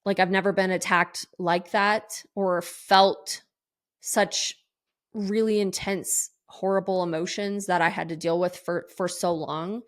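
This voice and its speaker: A woman's voice: lowish voice, steady tone, a little slow. A middle-aged woman hosting a podcast, talking candidly and emotionally, rambling with lots of fillers and restarts. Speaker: podcast host. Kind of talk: candid personal monologue.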